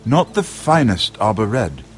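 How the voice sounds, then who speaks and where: A man's voice: fairly low pitch, big pitch swings, unhurried, soft background music. An actor playing a witty, sardonic nobleman in a video game, with a drawling manner. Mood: wry. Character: witty sardonic nobleman lord, dry and amused. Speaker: game character. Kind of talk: voiced video game dialogue.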